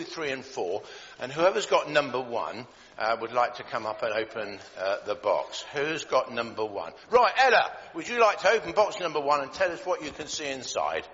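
A man giving a playful, jokey Christmas talk to children in a church hall, with many filler pauses. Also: mid-range voice, bright, forceful tone. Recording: echoey hall, dull lo-fi sound.

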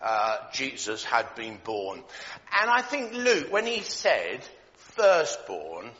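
A man leads a children's Christmas talk with jokes and plenty of filler pauses. His voice is bright and swings widely in pitch. It comes through a long hall echo on a dull, lo-fi recording. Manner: jokey, lively, many filler pauses. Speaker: church leader giving a children's talk. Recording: echoey hall, dull lo-fi sound.

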